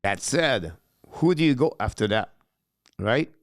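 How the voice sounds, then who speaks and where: A man with a French accent, a native French speaker, hosting a live hockey watch-along show. He reads out viewer questions and answers them haltingly, with many filler sounds. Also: mid-range voice, expressive, no echo, clean studio sound.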